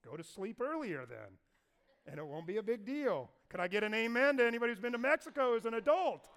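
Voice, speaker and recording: A man preaching a sermon to a congregation. He tells the story in a lively way and acts out the voices of the figures. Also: very high-pitched, fast talker. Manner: animated storyteller acting out voices. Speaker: pastor.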